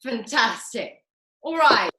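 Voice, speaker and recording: A woman's voice: on the high side, expressive, slow pace, sharp tone, reverberant, heavily acted. A woman playing a self-important, grandiose theatre dame who hosts a comic master class over a video call. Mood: grand. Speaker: host of a live online master class. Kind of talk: comic character performance.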